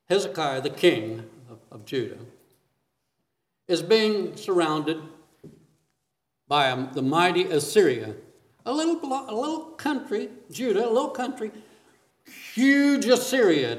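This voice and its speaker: A man preaching a sermon, reading scripture aloud and asking questions of his listeners. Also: on the high side.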